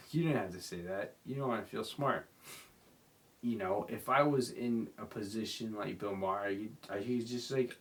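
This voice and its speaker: A young man hosting a rambling solo podcast, drunk and sleepy, slurring and apologizing as he talks. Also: lowish voice. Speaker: podcast host.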